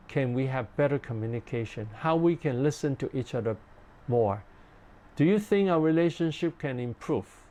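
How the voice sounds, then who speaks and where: A man, a pastor, giving a ministry training talk in simple, repeated phrases with many "uh" fillers, sometimes acting out gentle questions a spouse might ask. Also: a little high.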